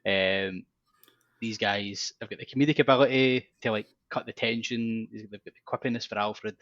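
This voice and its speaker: A man's voice: on the low side, steady tone, normal speed, a bit bright, no echo. A man, a guest in a casual chat, talking bluntly with jokey asides. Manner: blunt, jokey, short interjections. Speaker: podcast guest. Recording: dull dry lo-fi mic.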